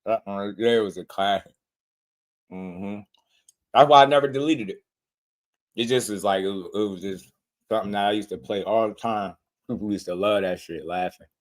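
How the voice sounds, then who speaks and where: A man's voice: lowish voice, normal speed, long pauses. A man hosting a boxing channel in casual chat, talking in laid-back slang and laughing often.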